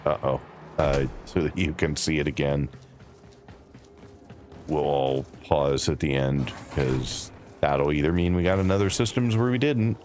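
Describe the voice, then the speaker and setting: A man's voice: very deep voice, measured pace, soft background music. A man casually chatting with his viewers while playing a game on a live stream. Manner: relaxed, chatty, talks to chat by name.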